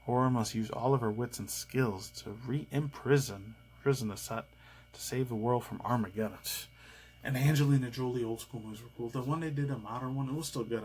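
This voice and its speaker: A man's voice: fairly low pitch, darkish tone, a little hiss or hum, poor audio. A man in his thirties hosting a casual reaction video, rambling in a loose, slangy, chatty way. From United States. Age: 30s.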